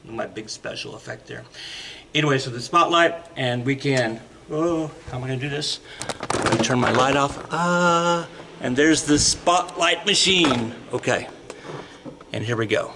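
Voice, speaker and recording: A man giving a recorded keynote speech at a school induction ceremony, moving around a high school auditorium and telling stories in a playful, theatrical way. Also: a little slow, noisy background. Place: high school auditorium, stage and control booth. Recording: echoey auditorium reverb.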